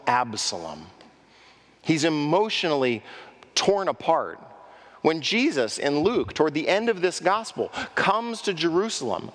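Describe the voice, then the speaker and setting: A man preaching a sermon as pastor, animated, acting out quoted speech and asking the congregation direct questions. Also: fairly high pitch. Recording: echoey hall reverb.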